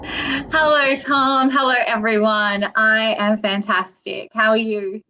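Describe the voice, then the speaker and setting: A woman's voice: a little high, fairly even intonation, takes it slowly, bright, forceful tone, lo-fi sound, slight background noise. A woman joining as a guest on a video call, bubbly and playful.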